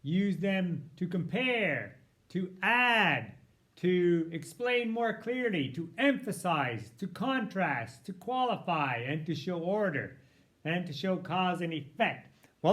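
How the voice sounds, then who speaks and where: A man's voice: sits high, slow. A man teaching a writing lesson, talking casually and thinking aloud as he edits a sample text. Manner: relaxed, thinking aloud with fillers. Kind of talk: recorded lesson walkthrough.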